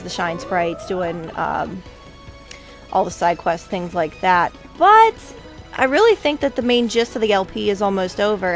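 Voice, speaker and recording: A woman hosts a game playthrough, rambling casually from one aside to the next in a voice of ordinary pitch. Faint game music plays quietly behind her. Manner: chatty, rambling, with many asides. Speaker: let's play host.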